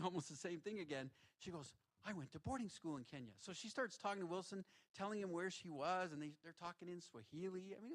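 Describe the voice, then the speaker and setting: Pregador de voz um pouco aguda, contando histórias. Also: male voice, high-pitched. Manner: candid, conversational, animated storytelling. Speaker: pastor. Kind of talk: sermon with personal stories. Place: church sanctuary.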